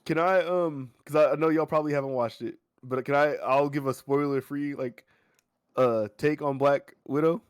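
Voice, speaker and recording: A man's voice: a little high, steady tone, moderate pace, clear, resonant tone, dry recording, clean studio sound. A man co-hosting a podcast, joking and debating in casual chat. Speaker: podcast co-host.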